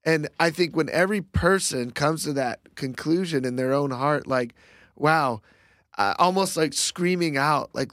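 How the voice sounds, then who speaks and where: A man talking through a Bible passage in a casual faith discussion, reflective and halting, with many fillers and restarts. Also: fairly high pitch, fairly bright tone, dry recording, clean studio sound.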